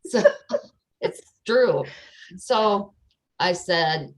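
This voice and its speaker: Lively woman telling a story. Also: lowish voice, normal speed, rough recording. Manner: animated storyteller, acts out quoted dialogue. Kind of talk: casual chat, personal story.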